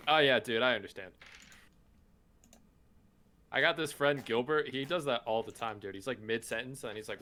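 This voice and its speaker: Laid-back bright-voiced man player. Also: medium pitch, normal speed, long pauses. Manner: laid-back, saying "dude" a lot. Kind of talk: casual chat.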